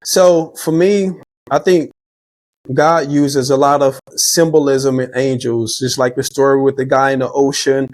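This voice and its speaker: Speaking in a mid-range voice with little pitch movement and a measured pace, this middle-aged man tells personal stories as a podcast guest. He's reflective and faith-driven, conversational yet earnest, frequently restarting sentences and repeating their opening words.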